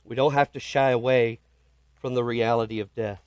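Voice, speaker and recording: A man's voice: medium pitch, steady tone, normal speed, clear, resonant tone, no room sound. A man preaching a sermon as pastor, retelling scripture in an earnest storytelling way with dramatic emphasis.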